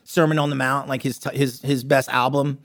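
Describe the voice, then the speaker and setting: A man's voice: mid-range voice, level tone, brisk, a bit bright. Middle-aged male guest, irreverent joker, rambling casual delivery, mid-range voice. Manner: joking, irreverent, rambling with restarts. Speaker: podcast guest. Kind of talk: casual chat.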